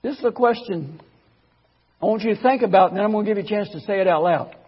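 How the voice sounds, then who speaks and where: A man's voice: high-pitched, fast, slightly rough, in a large hall, dull audio. A man preaching in a church, telling his own story in a folksy, conversational way with stammered restarts. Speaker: guest preacher. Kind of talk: sermon with personal testimony.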